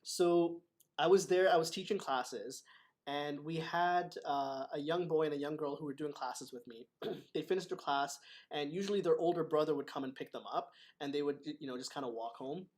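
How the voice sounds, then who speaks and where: Male host, martial arts teacher, higher voice, chatty storyteller. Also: normal speed. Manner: animated storytelling with laughs. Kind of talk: casual chat.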